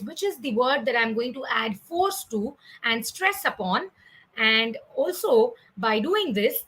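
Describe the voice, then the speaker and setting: A woman's voice: fairly high pitch, pushed and bright, husky, poor audio. A woman with an Indian English accent teaching comedy in a live online class, explaining step by step and often checking in with "right?". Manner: explanatory, frequent "right?" tag questions and "uh" fillers.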